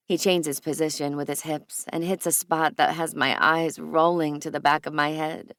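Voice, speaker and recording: A woman narrating a romance audiobook in the first person, with even, close storytelling on a studio mic. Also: low-pitched, moderate pace, no room sound.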